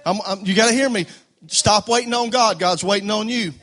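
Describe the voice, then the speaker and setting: Fervent high-voiced preacher. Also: male voice, brisk. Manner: fervent, repetitive stammering restarts, rising to loud declarations. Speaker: pastor. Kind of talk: sermon.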